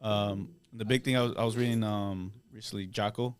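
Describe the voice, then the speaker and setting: A man's voice: fairly low pitch, steady tone, a little fast, smooth. An American man in his thirties, a podcast guest, chatting casually and agreeing a lot, swearing freely. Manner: easygoing, many affirming "yeah"s, swears casually. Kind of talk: casual chat.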